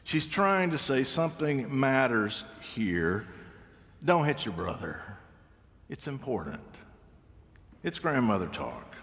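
A man's voice: medium pitch, very animated, slow pace, long pauses, a bit bright. A man preaching a sermon, telling stories with dry humor and acting out the voices he quotes. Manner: wry storytelling, acts out quoted voices. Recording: long reverb of a large hall.

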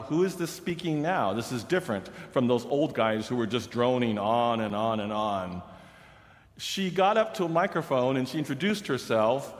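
A man from the Pacific Northwest preaching a sermon as a humorous, animated storyteller. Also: on the high side. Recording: long reverb of a large hall.

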